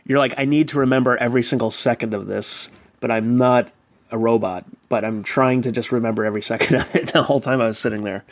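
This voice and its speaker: A man in his thirties from New York telling a casual, animated personal story and acting out quoted voices. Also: medium pitch, dry recording. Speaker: guest storyteller. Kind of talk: casual anecdote.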